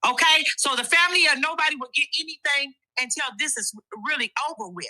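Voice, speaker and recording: A woman's voice: sits high, fast, sharp tone, poor audio. A woman co-hosting a casual livestream chat, explaining emphatically and addressing the listeners directly.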